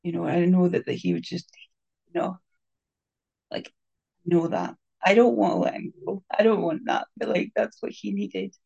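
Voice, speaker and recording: A speaker sharing a personal story in a candid, hesitant way, with many pauses, fillers and restarts, soft and emotional. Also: medium pitch, fairly even intonation, vocal fry, slightly rough, muffled recording. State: crying.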